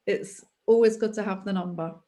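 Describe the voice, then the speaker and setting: A woman leading a therapy training session, explaining in a slow, repetitive, patient way. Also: mid-range voice, dark tone.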